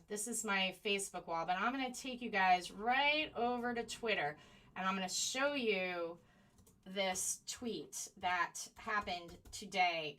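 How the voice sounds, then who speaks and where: A woman with a bright, clear voice hosts a live online stream. She talks straight to her viewers, indignant one moment and apologetic the next as she hunts for links on a slow computer. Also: mid-range voice. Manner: animated, indignant. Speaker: online show host.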